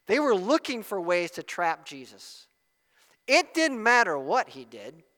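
A male pastor preaching a sermon with a high, bright voice that rings in the long reverb of a large hall. He swings between hushed asides and loud, emphatic exclamations. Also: sing-song, a little slow.

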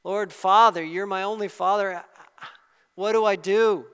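A male pastor delivers an impassioned sermon in a high, bright voice. His preaching swells to fervent, loud peaks and then falls back quiet. The sound rings with the long reverb of a church hall. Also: steady tone, measured pace, clean tone.

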